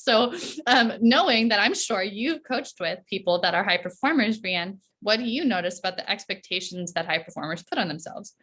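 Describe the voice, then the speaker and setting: A woman's voice: mid-range voice, a bit bright. A woman performance coach talking in a casual podcast interview, tagging her points with "right?" and laughing often. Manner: chatty, tags sentences with "right?" and laughs often.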